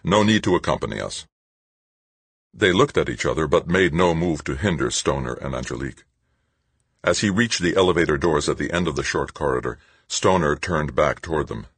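A man reading an audiobook in steady, measured scripted narration. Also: rumbling low, slightly rough, no echo.

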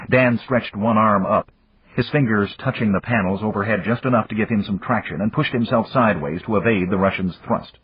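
A man reading an action novel aloud in an expressive storytelling manner, with a husky voice. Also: lowish voice, dry recording. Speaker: audiobook narrator. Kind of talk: scripted narration. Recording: dull lo-fi dry recording.

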